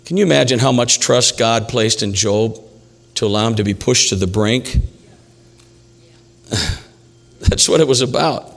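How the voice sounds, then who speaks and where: A man's voice: medium pitch, unhurried, vocal fry, pauses often. A male pastor preaching a sermon in a church, emphatic and repetitive, with jokes along the way. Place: church sanctuary. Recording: reverberant church hall.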